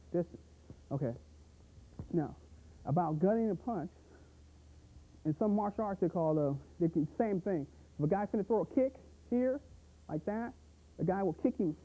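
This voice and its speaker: A man coaching boxing technique in an energetic, punchy way, full of sound effects and repeated catchphrases. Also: high-pitched, moderate pace, pauses often. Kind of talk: instructional pad-work demo. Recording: tinny, phone-like audio.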